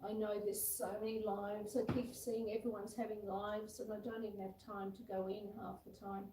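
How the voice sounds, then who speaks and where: Seated at home with a puppy in her lap, a homestead livestream host chats casually, reads out viewer comments and coos at the dog. Her medium-pitched voice is dark in tone and fairly flat, at a normal speed. A phone camera set far back makes the audio roomy and distant, with a little hiss or hum.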